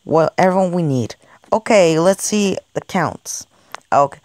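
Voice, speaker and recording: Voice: mid-range voice, very animated, a little slow, no room sound. An amateur creator narrating and voicing characters in an improvised game role-play, stammering and repeating words as they go, recorded on a close home mic. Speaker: fan show creator voicing all characters.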